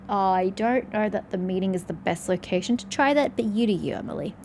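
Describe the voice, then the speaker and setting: A woman's voice: mid-range voice, a little fast, darkish tone, a little hiss or hum. A woman streamer giving casual let's-play commentary with chatty, wry asides. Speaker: video game streamer.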